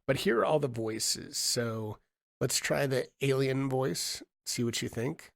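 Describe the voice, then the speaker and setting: A man demoing audio software on a live stream, thinking aloud, from a home streaming setup on a condenser mic. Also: mid-range voice, measured pace, creaky, dry recording, clean studio sound. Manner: thinking aloud, many fillers and restarts. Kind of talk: casual live-stream tutorial. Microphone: USB condenser mic.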